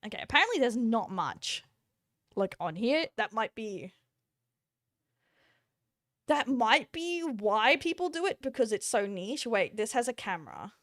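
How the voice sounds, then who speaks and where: A woman's voice: fairly high pitch, big pitch swings, unhurried, long pauses, a bit bright, no echo. Laughing Australian woman streamer. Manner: blunt, profane, laughs often. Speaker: VTuber streamer. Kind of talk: casual reaction stream chat.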